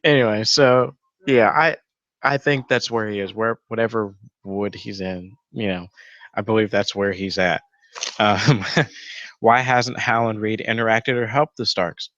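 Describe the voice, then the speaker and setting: A man's voice: on the low side, fairly even intonation, a little slow, a bit bright, dry recording, highs cut off. A man hosting a casual fan theory show from home, rambling with lots of fillers and the odd swear. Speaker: YouTube show host. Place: home room with a roommate nearby.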